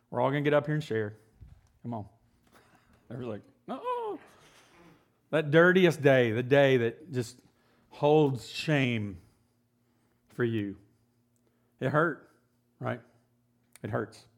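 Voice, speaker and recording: A man in his forties giving a casual, joking sermon as pastor, often checking in with the congregation. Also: on the high side. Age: 40s. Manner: conversational, joking, asks "right?" often.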